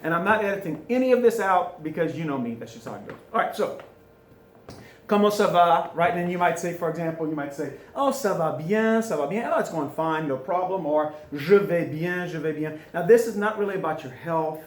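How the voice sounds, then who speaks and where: A man teaching French in a classroom, chatty and informal, repeating phrases slowly for students to drill. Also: a little high, echoey room, a little hiss or hum. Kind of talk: recorded classroom lesson. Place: classroom with a board.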